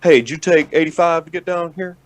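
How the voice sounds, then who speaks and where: A man's voice: fairly high pitch, flat delivery, fairly quick, dry recording, voice pushed up, natural voice. A man doing a pedantic old dad. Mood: pestering. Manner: insistent, pedantic. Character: fussy old dad obsessed with highways.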